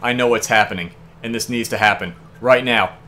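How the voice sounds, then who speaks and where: A man playing a video game and chatting about it, animated and rambling, quick to exclaim. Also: medium pitch. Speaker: player and co-host. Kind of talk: let's play commentary.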